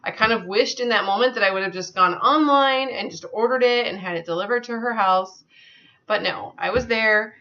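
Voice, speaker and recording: A woman's voice: a little high, normal speed, sharp tone, highs cut off. A woman telling a personal story to her viewers in an earnest, conversational way, with many fillers. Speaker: vlogger.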